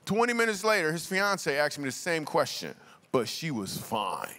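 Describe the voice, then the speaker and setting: A man's voice: on the high side, wildly swooping pitch, moderate pace, bright, forceful tone. Man telling funny stories in a reverberant church. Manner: loose, slangy, conversational delivery with punchlines. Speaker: comedian and guest speaker. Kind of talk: comedic storytelling talk to a church congregation. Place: large church auditorium. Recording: long reverb of a large church hall.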